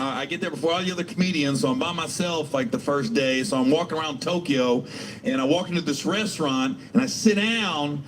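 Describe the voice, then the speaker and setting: Profane, high-voiced male stand-up comedian. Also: a little hiss or hum, poor audio. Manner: profane, rambling storytelling with repeated restarts.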